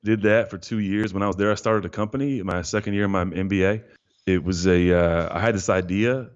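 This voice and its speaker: A man in his thirties telling a personal story casually on a podcast, animated and saying "dude" a lot as he acts out his own thoughts. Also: deep voice, a little fast. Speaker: guest. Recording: dull lo-fi podcast audio.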